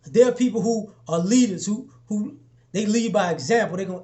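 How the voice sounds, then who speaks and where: A young man giving a casual motivational talk to his followers, preaching and repeating himself, often acting out little exchanges in a lower voice. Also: moderate pace, mellow. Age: young adult. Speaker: motivational vlogger.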